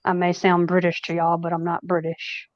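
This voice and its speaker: A woman's voice: on the low side, completely flat delivery, moderate pace, highs cut off, crowd noise. A woman from Nashville with a Southern US accent, chatting casually on a live stream and laughing often. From Nashville, Tennessee. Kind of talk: casual chat.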